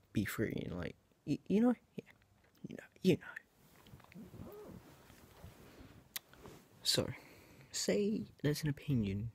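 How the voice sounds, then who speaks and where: A teenage guy talks to the camera as a video creator, rambling and hesitant, often correcting himself and filling pauses with "um" and "like." His mid-range voice is husky and slightly mellow, recorded with no room sound.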